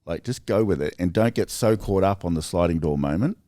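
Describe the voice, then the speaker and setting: A man with an Australian accent, telling stories in a casual podcast chat, rambling and animated with lots of fillers. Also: low-pitched, fairly quick, no room sound, studio quality.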